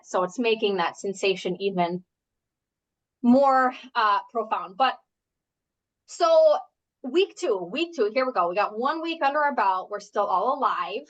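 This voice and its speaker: In a muffled recording, a woman with a medium-pitched voice leads a live group workshop from her home as a health coach. She keeps it casual and chatty, drifting into asides and filling pauses as she goes.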